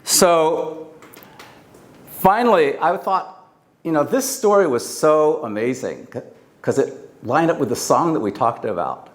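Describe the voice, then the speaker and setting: A man's voice: a little slow, long pauses. Encouraging man giving speech feedback. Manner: encouraging coach, mixes praise with advice; expressive, often shifting pitch and pace. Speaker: speech evaluator. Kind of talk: speech evaluation at a club meeting.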